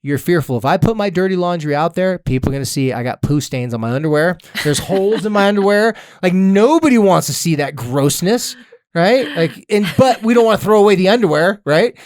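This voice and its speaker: Therapist guy on a podcast, kinda high voice, jokey and animated, dry close mic. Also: a little fast, no room sound. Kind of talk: casual podcast chat.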